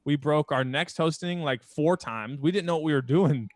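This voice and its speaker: Chill podcast dude telling stories, keeps saying yeah, dry no-echo sound. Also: male voice, on the high side, normal speed. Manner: laid-back, says "yeah" over and over, tells stories with quoted lines. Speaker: podcast co-host. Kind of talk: casual chat.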